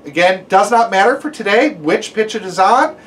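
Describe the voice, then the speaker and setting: A man's voice: high voice, animated, moderate pace, fairly bright tone, distant mic, a little hiss or hum. A man teaching a guided brass lesson, giving step-by-step instructions and counting aloud, with some "um" and "uh" fillers.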